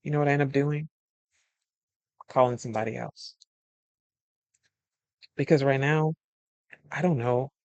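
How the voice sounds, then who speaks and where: A man's voice: mid-range voice, measured pace, pauses often, no echo, highs cut off. A man who is a life coach talking casually about friendship, telling stories and acting out the voices of friends, laughing often. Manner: animated storyteller acting out quoted friends. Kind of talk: casual advice monologue.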